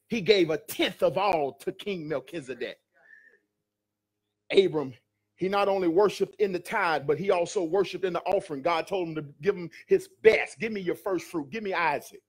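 Male pastor, high-pitched voice, sermon in a church with call-and-response. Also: normal speed, slightly rough. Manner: preaching with call-and-response, building to shouts. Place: church sanctuary.

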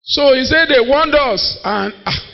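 A man preaches in a high voice, telling stories and acting out the people in them with emphatic delivery. The sound is muffled and lo-fi, and a long reverb trails after every phrase as it fills a large church hall. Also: lively intonation, a little slow, gravelly, soft background music. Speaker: pastor. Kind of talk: sermon.

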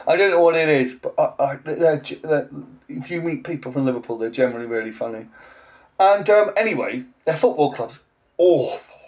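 A man's voice: on the high side, fairly quick. A man in his forties, a language teacher, ranting in a blunt, sarcastic vlog monologue with an English accent. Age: 40s.

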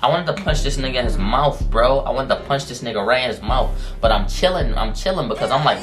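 A man's voice: mid-range voice, lively intonation. Man, storytime vlog, slangy and profane, lots of fillers, music playing behind. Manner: slangy, profane, drawn-out phrasing with many fillers. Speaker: storytime vlogger. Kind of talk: casual storytelling. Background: music in the background.

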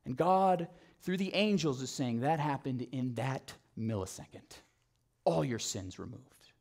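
A male pastor preaching a sermon, telling the story with animation and dropping to a soft, low voice on key phrases. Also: measured pace, vocal fry. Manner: animated storytelling, acting out quotes.

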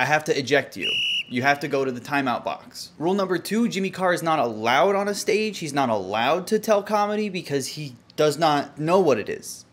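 A man giving sarcastic, incredulous reaction commentary on comedy clips. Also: fairly high pitch. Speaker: YouTube commentator.

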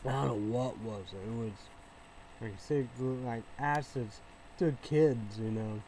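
A man rambles through a casual vlog monologue. He repeats himself and trails off into fillers, swinging between low mumbles and loud bursts. A faint hiss runs under his voice. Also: takes it slowly, rough recording. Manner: rambling, repetitive, with many fillers and restarts. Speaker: vlogger.

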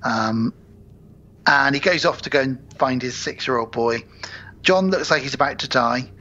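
A man co-hosting a podcast, recapping a film in a casual, animated way with lots of swearing. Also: medium pitch, moderate pace. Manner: animated, swearing, acts out scenes. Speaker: podcast co-host. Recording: muffled home podcast audio.

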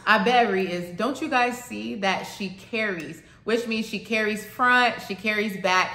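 A woman's voice: medium pitch, measured pace, echoey room, music in the background. A woman casually explaining song lyrics to her channel's viewers, chatty and thinking aloud as she goes.

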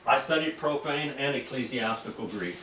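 An older man, a preacher, teaching Greek in a rambling, anecdotal way, clearing his throat now and then. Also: mid-range voice, animated, normal speed, bright, forceful tone. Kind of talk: informal teaching sermon. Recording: echoey room, mic at a distance, faint background noise.

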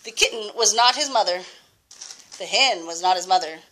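An older woman reading a picture book aloud to a child, patient and expressive, stopping to ask questions. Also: mid-range voice, normal speed.

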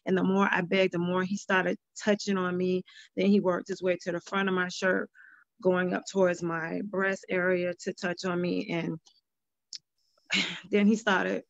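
A woman's voice: lowish voice, little pitch movement, unhurried, creaky, dry recording, muffled recording. A woman speaking as a panel guest, giving earnest personal testimony and retelling past conversations. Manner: earnest storytelling, quoting past dialogue.

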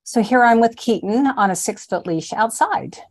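A middle-aged woman dog trainer narrating a training lesson in a calm, step-by-step way. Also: a little high, normal speed. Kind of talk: voice-over narration of training slides.

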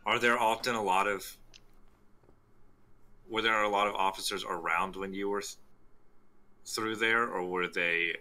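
A man playing a tabletop role-playing game, speaking casually and hesitantly with frequent filler pauses. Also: lowish voice, fairly even intonation, pushed and bright. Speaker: player.

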